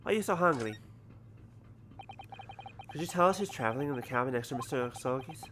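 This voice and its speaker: A man's voice: mid-range voice, expressive, a little fast, a bit bright. A man streaming a game, casually joking and swearing while reading dialogue aloud. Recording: background noise from home stream setup.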